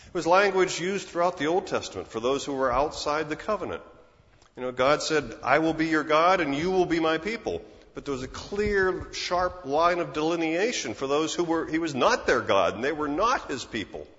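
A man's voice: a little high, expressive, moderate pace, fairly bright tone. A man in his sixties preaching a sermon in an earnest, conversational way, often restarting his phrases. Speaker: pastor. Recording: muffled sound with long reverb in a large hall.

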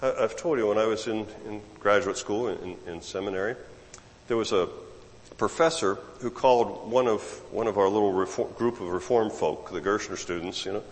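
A man preaching a sermon in a conversational way, repeating words and adding lively asides. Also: lowish voice, a little fast, in a large hall.

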